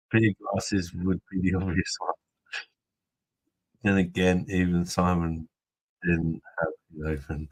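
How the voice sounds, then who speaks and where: Husky, deep-voiced man. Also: little pitch movement, slow, long pauses, dry recording, rough recording. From Kent, England. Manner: bantering, crude jokey chatter with viewers. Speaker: host of a beer review live stream. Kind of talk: casual live-stream chat.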